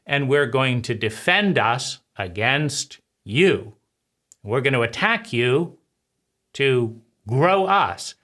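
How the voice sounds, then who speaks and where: Slow, bright-voiced man musing. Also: medium pitch, expressive. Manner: slow, deliberate, pausing between phrases. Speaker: channel host. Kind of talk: reflective philosophical monologue.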